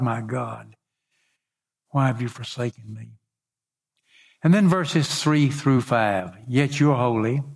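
A middle-aged male pastor delivers an earnest sermon with a mid-range voice. He reads scripture aloud and raises his voice on the quoted cries.

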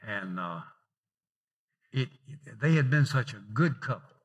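A man with a husky, slightly breathy voice preaches a sermon. His pitch sits in the middle range, and he talks like a storyteller. He punches up his openings and lets the asides fall soft. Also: expressive, a little slow, lo-fi sound. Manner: conversational preaching with personal anecdotes; rising emphatic openings then dropping softer. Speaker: pastor.

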